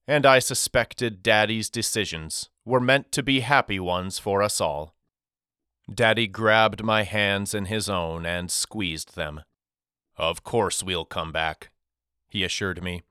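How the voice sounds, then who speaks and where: A man narrating a first-person novel for an audiobook in a measured, expressive storytelling manner. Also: fairly low pitch, smooth, dry recording, clean studio sound.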